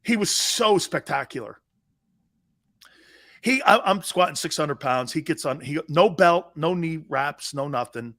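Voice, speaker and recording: Expressive but measured in pace, a middle-aged man fronts a live sports talk show. He's blunt and brash, swears a lot, and alternates loud eruptions with low side comments.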